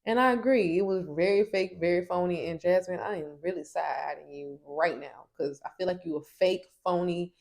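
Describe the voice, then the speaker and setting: Sassy woman reviewer, low-ish voice, casual recap. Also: normal speed, vocal fry, hardly any pauses, a little mellow. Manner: sassy, emphatic. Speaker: TV show reviewer.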